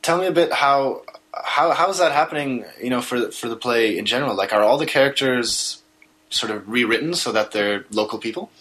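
A man's voice: medium pitch, a little fast, fairly bright tone, poor audio. A man hosting a radio arts interview, asking questions with hesitant repeated words.

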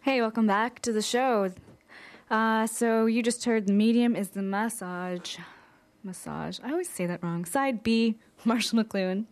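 A woman's voice: a little high, normal speed. Casual woman radio host. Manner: relaxed, with fillers and self-corrections.

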